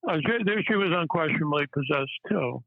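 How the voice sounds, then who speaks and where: A man, a psychiatrist guest, telling stories in a halting way with many fillers. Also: on the high side, animated, gravelly, no room sound. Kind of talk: casual interview storytelling. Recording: tinny phone-line audio, dry.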